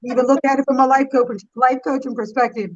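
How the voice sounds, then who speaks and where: A woman who works as a life coach, telling an animated story in casual chat on a talk show. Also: high-pitched, fast, lo-fi sound.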